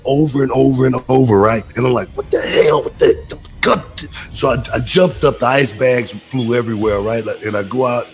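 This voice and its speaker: A man hosting a podcast in casual chat, talking loosely with many fillers and growing animated as he tells stories. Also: medium pitch, moderate pace, faint music behind. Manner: loose, filler-heavy, drawling delivery; lively, animated when telling stories. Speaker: podcast host.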